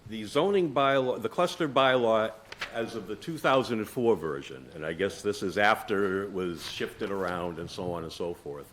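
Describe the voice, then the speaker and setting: A man presenting a legal argument at a zoning board hearing, measured and lawyerly, with frequent restarts. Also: fairly low pitch, slight background noise. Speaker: applicant's counsel. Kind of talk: formal argument at a public hearing.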